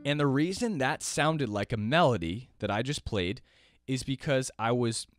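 A man's voice: medium pitch, animated, normal speed. A man teaching a jazz piano lesson in a casual, talkative way, often checking in with "right?".

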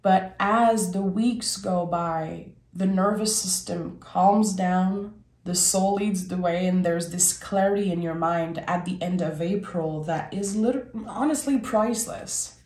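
A woman giving a monthly tarot reading, talking gently and reassuringly straight to her viewers and slowing down on key phrases. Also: fairly low pitch, echoey room. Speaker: tarot reader.

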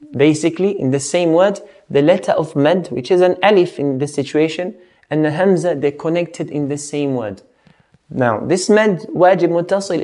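A man teaching a tajweed lesson, patiently explaining rules and slowly demonstrating how each word of recitation should sound. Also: fairly high pitch, dark tone. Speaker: Quran teacher.

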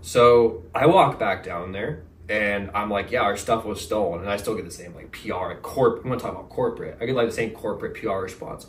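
Young man, podcast guest, casual slangy storytelling, animated, roomy sound. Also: on the low side, fairly quick, hardly any pauses, a little hiss or hum. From Texas. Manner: animated, slangy, says "bro" and "like" a lot. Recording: roomy, mic at a distance.

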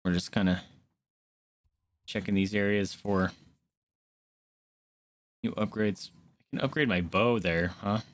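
A man streaming a game live, chatting casually with viewers and reacting out loud. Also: fairly low pitch, steady tone, slow, pauses often. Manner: chatty, greets chat, squeals when startled.

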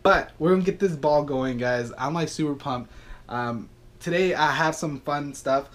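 A man's voice: a little high, normal speed, a bit bright. A young man vlogging to camera, upbeat and rambling, with lots of fillers, first at home and then driving in his car. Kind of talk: casual vlog talk to camera.

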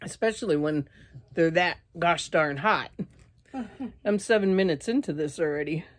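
A woman vlogging casually to her viewers, out of breath and clearing her throat often, talking in halting restarts. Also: fairly low pitch, animated, no room sound. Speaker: YouTuber eating spicy candy. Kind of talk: casual vlog talk to camera.

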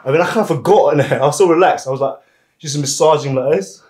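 A man's voice: a little high, fast talker, darkish tone, echoey room, rough recording. A man working as a massage therapist, chatting casually and laughing often while he massages. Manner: laughs often, loose slangy storytelling.

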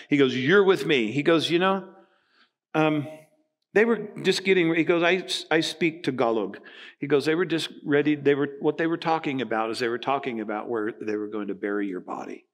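Older man, pastor, sermon story, animated, acts out quoted voices. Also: on the high side, brisk. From Nova Scotia, Canada.

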